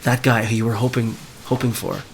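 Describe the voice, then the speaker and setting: A man's voice: mid-range voice, steady tone, brisk, creaky, slight background noise. A man leading a book club, reading a story aloud and explaining it conversationally, often checking in with his listeners.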